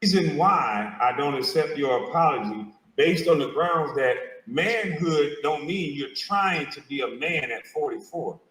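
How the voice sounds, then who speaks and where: A man's voice: on the high side, expressive, measured pace, hardly any pauses, a bit bright, echoey room, recorded from a distance, rough recording. A man making pointed, challenging replies in an argument on a panel.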